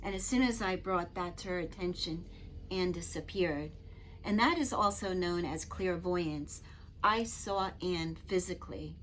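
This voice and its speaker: A middle-aged woman and Reiki master telling personal stories to camera in an earnest, gentle, chatty way. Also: on the low side, a little slow, a little hiss or hum. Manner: earnest, gentle, chatty with frequent "you know". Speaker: Reiki master and spiritual teacher.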